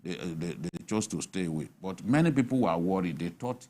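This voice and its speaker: Low-pitched, dark-toned and animated, the man talks a little fast. As a guest in an animated TV studio panel discussion, he speaks with a Nigerian accent, argues emphatically and asks rhetorical questions.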